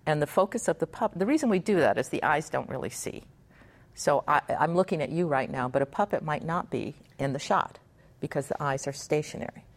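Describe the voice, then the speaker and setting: A middle-aged woman from Hawaii, a puppeteer being interviewed, chatting in an animated way and laughing often. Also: deep voice, brisk. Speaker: puppeteer guest. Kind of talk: conversational interview.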